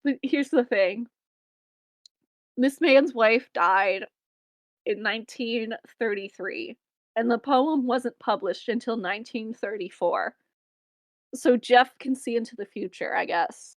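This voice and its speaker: A woman's voice: on the high side, slow pace, dry recording. A young woman co-hosting a podcast, casually recapping a film with wry asides and frequent laughter. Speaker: podcast co-host.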